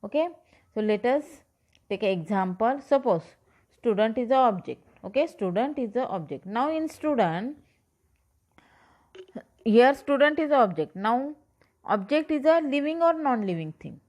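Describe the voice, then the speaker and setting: Woman, teacher, lecture, repeats points, asks okay, slightly high voice. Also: animated, moderate pace, pauses often, darkish tone. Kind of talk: classroom lecture.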